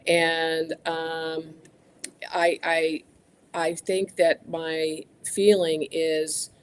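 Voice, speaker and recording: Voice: medium pitch, flat delivery, a little hiss or hum. Choked-up speaker on the verge of tears. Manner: halting and heartfelt, many ums and restarts. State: near tears.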